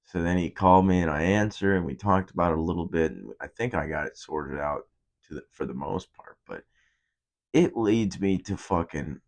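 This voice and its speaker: A man's voice: low-pitched, normal speed, gravelly. A young man hosting a podcast, telling a rambling, profane story in a casual monologue. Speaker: podcast host.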